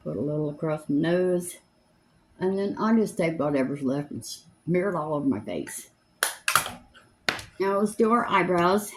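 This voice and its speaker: An older woman in her seventies with a drawl talks through her makeup routine at home. She rambles along in a chatty, homespun way, her voice sitting a little low for a woman. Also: expressive, measured pace, pauses often, slight background noise. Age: 70s. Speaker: makeup vlogger. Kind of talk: casual chat while doing makeup. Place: home, seated in a chair.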